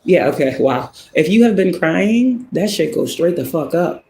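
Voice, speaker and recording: A man's voice: high-pitched, expressive, normal speed, gravelly, darkish tone, echoey room. A man giving a casual tarot reading, emphatic and profane, often laughing as he talks. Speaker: tarot reader.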